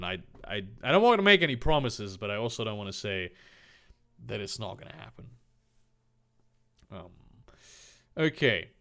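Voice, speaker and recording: Young guy reading dumb fanfic out loud, sarcastic deadpan jokes, voice bounces all over. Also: medium pitch, smooth. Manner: sarcastic, deadpan asides, swearing. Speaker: YouTuber reading fanfiction aloud. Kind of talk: comedic reading with commentary.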